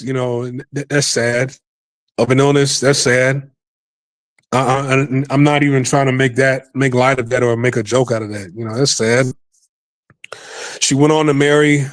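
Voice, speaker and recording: A man's voice: mid-range voice, dry recording. A man hosting a podcast, giving rambling, profane casual commentary and repeating himself often. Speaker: podcast host.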